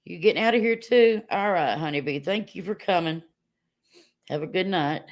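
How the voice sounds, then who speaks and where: A woman's voice: lowish voice, moderate pace. A middle-aged woman chatting casually with viewers on a livestream, telling stories and laughing often.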